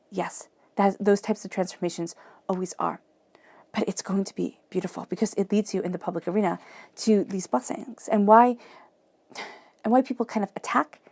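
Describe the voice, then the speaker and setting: A woman giving a tarot reading straight to her listener, earnest and encouraging, sometimes dropping to a soft murmur as she chants questions over the cards. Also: medium pitch, gravelly, dry recording. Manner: earnest, emphatic and encouraging, addressing the listener directly. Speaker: tarot reader.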